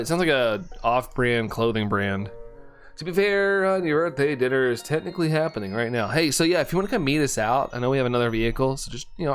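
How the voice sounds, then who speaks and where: A man's voice: mid-range voice, animated, fast talker. A man in his thirties chatting casually while live-streaming a game, rambling and joking with viewers over faint game music. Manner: chatty and rambling, playful jokes and laughter.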